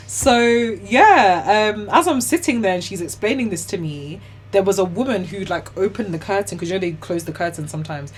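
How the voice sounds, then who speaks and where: A young woman, telling her own story as an interview guest in a chatty, animated way, full of "like" and "you know". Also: on the low side, slight background noise. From Ghana and the UK. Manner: laughs often while telling hard stories.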